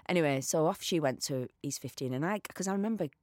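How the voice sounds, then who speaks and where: A middle-aged woman with a Bolton accent, a guest telling a lively story in an interview and acting out the people in it. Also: quick pace. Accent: Bolton, Lancashire. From Bolton, England. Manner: animated, acts out quoted people with pitch jumps. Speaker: actor, podcast guest.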